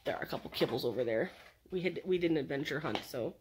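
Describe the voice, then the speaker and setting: A woman's voice: sits low, expressive, quick pace, noisy background. A woman training a dog at home at night, mixing coaxing praise with firm short commands. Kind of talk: casual talk to a dog at home.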